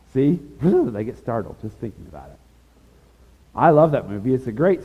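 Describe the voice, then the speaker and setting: Husky male preacher in a reverberant space. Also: medium pitch. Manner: conversational, emphatic preaching with asides. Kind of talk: sermon. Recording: dull lo-fi sound with long reverb.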